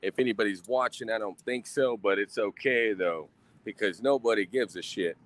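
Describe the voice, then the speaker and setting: A man's voice: on the low side, normal speed, dry recording, rough recording. A man hosting a casual livestream outdoors at a grill, talking in a profane, rambling, self-mocking way into a phone. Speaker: livestream host.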